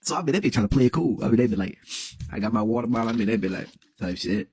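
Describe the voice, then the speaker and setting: A young man telling a wild comedic story, dramatic and excitable, full of slang and constantly asking "you hear me?". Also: medium pitch, racing, background noise. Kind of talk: animated comedic story time.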